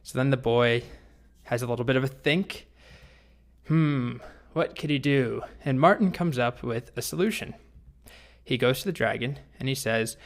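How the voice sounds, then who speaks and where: A man teaching programming, telling a story in a playful, lively way before the lesson. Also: medium pitch, normal speed. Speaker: programming instructor. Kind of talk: storytelling tutorial.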